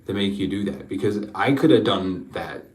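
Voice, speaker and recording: A man's voice: low-pitched, lively intonation, normal speed, roomy sound, recorded from a distance, rough recording. A man giving an emotional spiritual reading, rambling, repeating his questions and swearing freely. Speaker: spiritual card reader.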